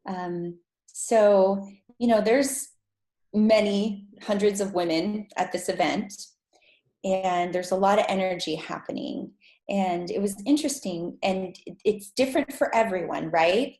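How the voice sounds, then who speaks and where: A woman telling a personal story as a podcast guest, with lively, high-pitched acted-out quotes. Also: unhurried. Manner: animated, acts out quotes in high voice. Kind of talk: casual storytelling interview. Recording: echoey room.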